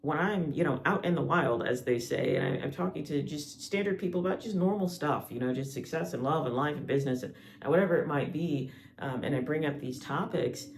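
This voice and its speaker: A man's voice: on the high side, a little fast, vocal fry, slight background noise. A man hosting a spiritual podcast, talking in a loose monologue with frequent restarts and asides. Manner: rambling, many restarts and asides. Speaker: podcast host.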